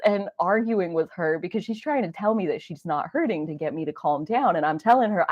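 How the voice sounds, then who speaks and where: A woman with a low voice, rambling through a personal story full of "like" and the odd swear word. The sound is dry and close. She talks casually to her listeners as the host of her own show. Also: fairly quick, no room sound, muffled recording. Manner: rambling, animated storytelling with frequent "like" and mild swearing. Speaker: astrology podcast host. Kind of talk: casual solo chat.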